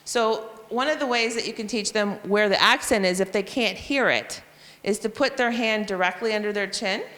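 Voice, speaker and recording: A woman's voice: mid-range voice, normal speed, a bit bright. A woman who teaches reading, explaining phonics lessons to other teachers and sounding out letters and spellings as she goes. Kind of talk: professional development talk to teachers. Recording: long hall reverb.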